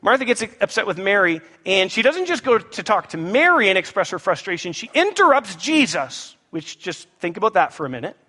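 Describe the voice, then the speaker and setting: A man preaching a sermon, with animated, playful asides to the congregation. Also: high voice, fairly quick, hardly any pauses. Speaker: pastor. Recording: echoey hall with long reverb.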